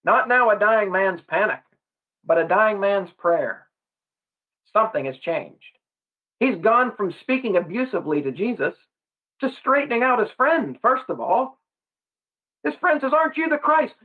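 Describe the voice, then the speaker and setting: A man's voice: high-pitched, big pitch swings, normal speed. A man preaching a gospel sermon in earnest, putting questions straight to the listener. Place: gospel hall. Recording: tinny phone-like sound.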